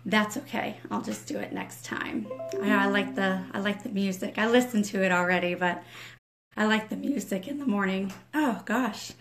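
A woman's voice: medium pitch, moderate pace, over music. Woman livestreaming prayer from home. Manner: chatty and warm with viewers, fervent in prayer; talking quietly at first. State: voice slightly cracking. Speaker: ministry director leading a prayer livestream. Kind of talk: casual livestream greetings and spoken prayer. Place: home, early morning. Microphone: phone.

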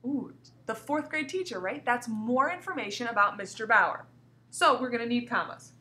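An elementary school teacher, a woman with a slightly high, bright and ringing voice, leads young pupils through a recorded grammar lesson. She reads example sentences with deliberate, exaggerated pauses, her pitch swinging widely. Lively throughout, she keeps coaxing the class with questions.

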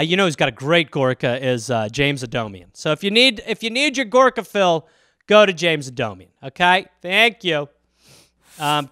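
A man hosting a podcast, riffing casually and profanely, rambling through stories and dropping into quick impressions. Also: high voice, fairly bright tone, no room sound, studio quality. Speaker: podcast host. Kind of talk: casual solo comedic riffing.

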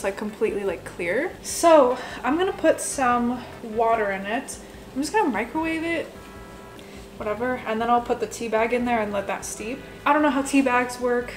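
A young woman in her twenties chatting her way through a home cooking vlog, rambling and self-deprecating, with lots of "like" fillers. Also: a little high. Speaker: cooking vlogger. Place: home kitchen.

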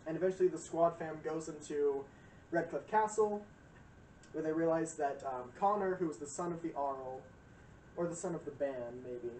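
Man, high voice, rambling casual storytelling, profane, distant mic, echoey room. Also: normal speed, a little mellow. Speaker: lecturer recapping a game. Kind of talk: casual group chat. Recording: roomy distant mic with faint noise.

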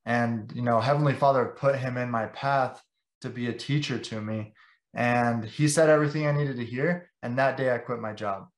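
A man's voice: medium pitch, normal speed, echoey room. A young man, a sales director, talks passionately and at length in a casual podcast interview, filling his sentences with "like". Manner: passionate, rambling with many "like"s.

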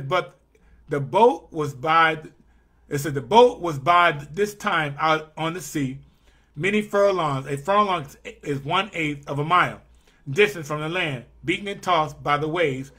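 A male pastor preaching a sermon with an emphatic, repetitive cadence, slowing down to stress key phrases. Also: a little high, expressive, sharp tone.

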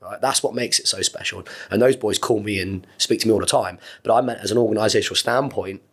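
A man's voice: on the low side, fast talker, fairly bright tone, slightly rough. A man, an ex-Marine in his thirties, talking openly and at length as a podcast guest, rambling and earnest with some swearing. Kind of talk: candid conversational interview.

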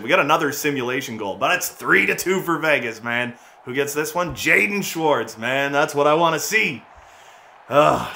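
A man giving casual commentary as he plays a hockey video game, excitable and mocking his teammates, with frequent shouts and laughs. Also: medium pitch, slight background noise. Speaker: gaming YouTuber.

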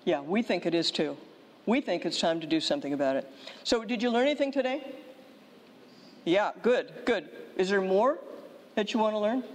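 Middle-aged woman, conference speaker, emphatic rhetorical delivery, mid pitch, long hall reverb. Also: animated, moderate pace, pauses often, slight background noise. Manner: emphatic, rhetorical, frequent "okay?" check-ins. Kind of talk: conference talk. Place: seminary hall.

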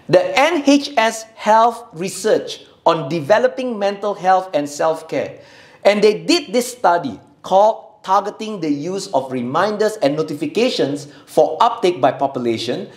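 Man preaching a sermon. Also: high-pitched. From Singapore. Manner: preaching with call-and-response to the church. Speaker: pastor. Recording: echoey church hall.

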